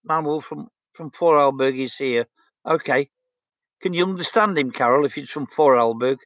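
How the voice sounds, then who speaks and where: This English livestreamer, in his 60s, is outspoken and blunt as he reads viewer comments and chats casually. He talks at a moderate pace in a slightly high, somewhat bright voice, recorded with no room sound and the highs cut off.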